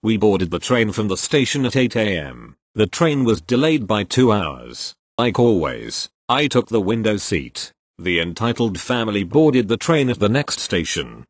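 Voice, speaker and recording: A man reading online posts aloud as narrator, in an expressive storytelling manner. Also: on the low side, measured pace, hardly any pauses, no echo.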